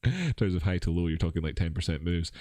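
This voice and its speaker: Scottish male streamer, deep slightly rough voice, dry close sound, loose and joking. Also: animated, fast, a little mellow, dry recording. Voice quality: a bit rough voice. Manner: rambling, self-mocking, chatty asides. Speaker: crypto livestream host. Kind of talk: casual live chart analysis.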